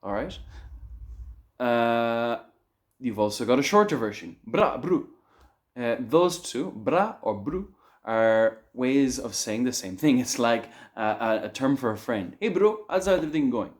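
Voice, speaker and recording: A man teaching an online English lesson on slang, lively and chuckling as he explains words. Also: mid-range voice, slow pace. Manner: lively, acts out example phrases with chuckles.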